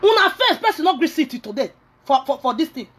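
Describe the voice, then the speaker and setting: A woman's voice: high voice, big pitch swings, fast, fairly bright tone, rough recording. A woman ranting angrily at her followers, scolding and mixing pidgin with local language. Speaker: social media commentator. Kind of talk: angry rant to followers.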